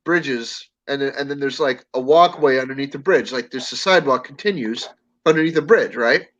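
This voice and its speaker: A man's voice: medium pitch, moderate pace, a bit bright. A man chatting casually on a live stream, telling rambling stories full of fillers and restarts. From Connecticut. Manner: rambling storyteller, many fillers and restarts, acts out voices. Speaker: stream host. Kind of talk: casual chat. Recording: dull lo-fi stream audio.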